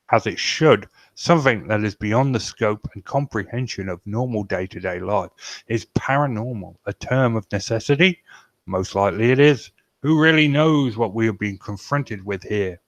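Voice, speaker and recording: A man's voice: on the low side, moderate pace, no echo. A man hosting a podcast, reading news aloud and adding wry, sweary asides. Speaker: podcast host.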